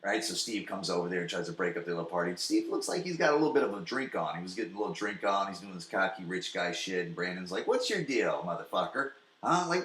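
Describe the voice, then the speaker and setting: A man hosting a podcast, recapping a TV episode in a profane, excitable way that swings between loud and soft. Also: low-pitched, reverberant, slight background noise. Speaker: podcast host.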